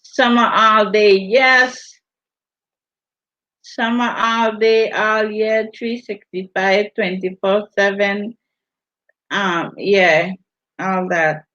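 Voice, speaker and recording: A woman with a Virgin Islands accent chats through a casual livestream and reads out viewer comments. She speaks in a slow, drawn-out way. Her audio sounds dull and lo-fi. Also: medium pitch, fairly even intonation, bright, forceful tone. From US Virgin Islands (St. Thomas). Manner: unhurried, drawn-out delivery while reading viewer comments. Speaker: livestream host.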